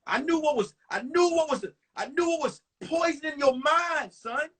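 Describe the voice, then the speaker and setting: A man's voice: very high voice, moderate pace, a bit bright, voice pushed up. A man playing a blunt all-knowing old dad. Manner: preachy, repeating himself. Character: stern older father, blunt and all-knowing.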